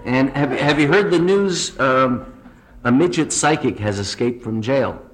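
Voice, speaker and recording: A man's voice: mid-range voice, measured pace, a little hiss or hum. A man telling a string of jokes to a recovery group, chuckling through his punchlines. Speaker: speaker at a recovery meeting. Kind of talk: stand-up joke telling.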